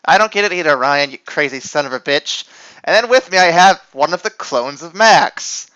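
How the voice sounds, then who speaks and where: A man's voice: fairly high pitch, animated, normal speed, pushed and bright, clear, resonant tone, no room sound, highs cut off. Goofy young man hosting a podcast. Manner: goofy, self-mocking. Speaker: podcast host. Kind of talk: solo comedy podcast.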